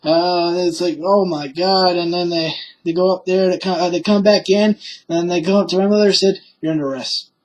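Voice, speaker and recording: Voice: medium pitch, level tone, brisk, low-quality recording. A young adult speaker recounting a story off the cuff, in a loose, rambling voice. The talk is full of swearing, filler sounds and restarted sentences. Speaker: vlogger telling a personal story.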